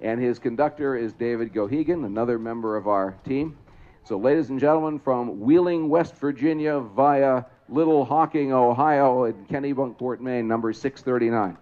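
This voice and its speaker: Outdoors at a trolley museum event, a man gives public address commentary to a crowd, announcing a trolley parade, explaining things and asking the audience questions. His voice is medium-pitched at a normal speed, and the sound has a phone-like quality.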